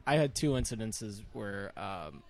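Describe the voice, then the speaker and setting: A young man in a casual chat, telling school stories and loudly mimicking his teachers. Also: on the low side, unhurried, vocal fry. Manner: relaxed storyteller, mimics teachers' lines loudly.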